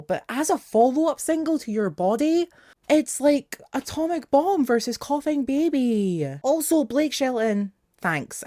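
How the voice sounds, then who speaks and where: A man's voice: very high voice, a little mellow, dry recording, studio quality. A young man talking casually as a music reviewer, sarcastic and exasperated, with jokey asides. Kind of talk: casual album review vlog.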